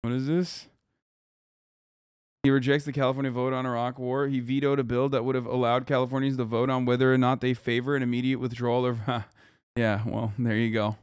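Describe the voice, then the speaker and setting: A male streamer reacting to a clip in casual, offhand commentary, swearing now and then. His voice is smooth and clear, and it sits close and dry on a streaming mic. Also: medium pitch, level tone, fairly quick, dry recording. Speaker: streamer host.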